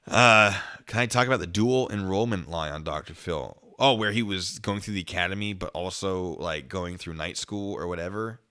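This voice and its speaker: A man's voice: deep voice, normal speed, few pauses, pushed and bright, clean tone. A man hosting a casual livestream, reading viewer comments aloud in a chatty, jokey way with frequent giggles. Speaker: channel host.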